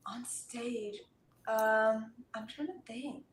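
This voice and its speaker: A woman in her twenties, a singer, telling stories in a casual interview, animated and giggly, heard over a video call in an echoey room. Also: a little high, drawn-out words, slight background noise. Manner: animated, giggly, quotes herself in voices. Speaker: singer guest.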